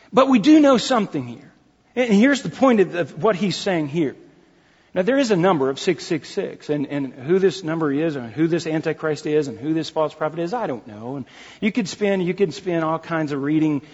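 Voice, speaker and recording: A man's voice: a little high, a little mellow, slightly rough. A male pastor preaching a sermon, emphatic and repetitive, calling the congregation folks. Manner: emphatic, repeats key phrases. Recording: dull reverberant hall recording.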